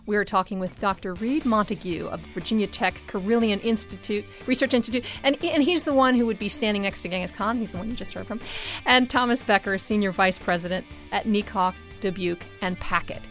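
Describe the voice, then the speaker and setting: A woman hosting a public radio talk show, introducing guests and moderating in a clear, conversational way. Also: medium pitch, brisk, a bit bright, soft background music. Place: radio studio.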